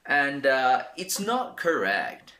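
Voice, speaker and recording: Man, English lesson, bright tone, emphatic. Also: mid-range voice, very animated. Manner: enthusiastic, emphatic, repeats words slowly. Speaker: English teacher. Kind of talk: language lesson.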